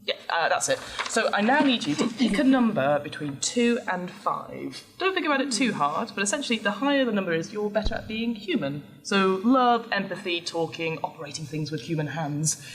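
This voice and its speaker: A woman's voice: medium pitch, animated, moderate pace, few pauses. A woman acting as game master, chatty and laughing as she explains rules step by step to players.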